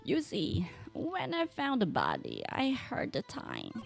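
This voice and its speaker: A woman's voice: mid-range voice, huge pitch swings, slow, creaky, faint music behind, voice pushed up, full character voice. A woman voicing a male court witness in a game, with a put-on voice that comes out a bit Italian-sounding. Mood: testifying. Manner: Italian-tinged put-on man's voice.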